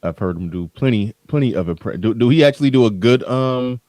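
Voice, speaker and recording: A man's voice: medium pitch, animated, brisk, darkish tone, no room sound. A man hosting a casual livestream chat, rambling and often restarting his sentences, into a studio mic with a pop filter. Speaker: host.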